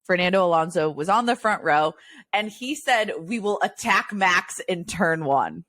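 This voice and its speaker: A woman co-hosting a casual sports podcast, animated and often breaking into laughter. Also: fairly low pitch, measured pace. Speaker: podcast co-host. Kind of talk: casual chat.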